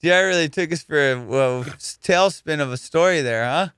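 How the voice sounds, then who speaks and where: Guy hosting a comedy podcast, cussing and riffing, smooth clean voice, dry sound. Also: on the high side, normal speed, fairly bright tone, dry recording. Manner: profane, storytelling, teasing. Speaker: podcast host. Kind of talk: casual comedy podcast chat.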